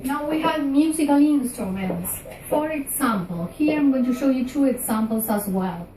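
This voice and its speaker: A woman teaching a recorded English grammar lesson, talking slowly with frequent fillers and "okay?" checks. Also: sits high, expressive, warm tone. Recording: echoey room, distant mic, faint noise.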